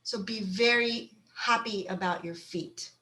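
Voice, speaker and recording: A woman's voice: medium pitch, measured pace, sharp tone. A woman leading a mindfulness talk over a video call from a room at home, coaching listeners through small everyday exercises in a conversational way. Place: home room with a blue wall. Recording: roomy echo from a home room.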